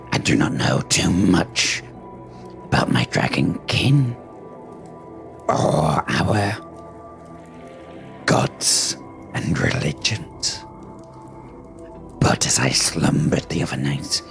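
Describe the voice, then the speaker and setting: A man voicing a solemn, devout male dragonborn warrior who speaks in slow, formal phrases. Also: low voice, vocal fry, exaggerated voice. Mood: earnest. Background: music.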